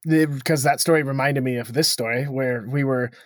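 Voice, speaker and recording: A man's voice: mid-range voice, fairly even intonation, brisk, no echo, studio quality. A man co-hosting a podcast, chatting casually and teasing his co-host. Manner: teasing, laughs often. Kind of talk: casual chat.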